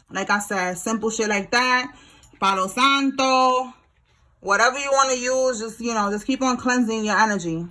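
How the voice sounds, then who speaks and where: A woman with a slightly high voice leads a casual tarot reading and talks straight to her viewers. Her tone is blunt and slangy, and she swears freely. She keeps it loose and chatty throughout. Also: a bit bright, a little hiss or hum. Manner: talks to viewers directly while pulling cards. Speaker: tarot reader.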